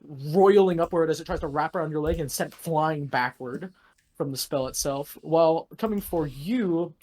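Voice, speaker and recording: A man's voice: fairly high pitch, moderate pace, darkish tone. A man running a tabletop game as game master, narrating with many fillers and restarts.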